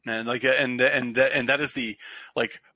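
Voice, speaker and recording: Bright-voiced guy hosting a movie podcast, laughs at himself, trips over words a lot. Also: mid-range voice, unhurried, dry recording. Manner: animated, self-deprecating, laughing, stumbles and restarts. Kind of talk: casual chat about film.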